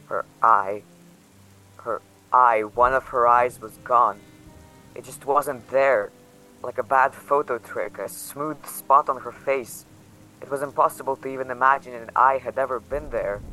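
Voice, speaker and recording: A man narrating in the first person as a frightened young survivor, quiet and tense. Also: medium pitch, rough recording. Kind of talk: audio drama narration.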